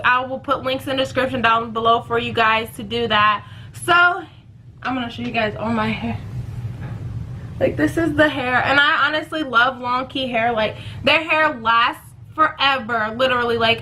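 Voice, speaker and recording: A woman's voice: fairly high pitch, bright, forceful tone, a little hiss or hum, rough recording. A young woman chatting casually to her channel in a rambling, self-correcting way. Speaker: vlogger. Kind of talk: casual giveaway vlog.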